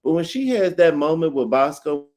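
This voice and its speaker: A man's voice: fairly high pitch, expressive, normal speed, darkish tone. A man co-hosting a podcast, giving blunt opinions in casual chat and mimicking others with mocking quotes. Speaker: podcast co-host.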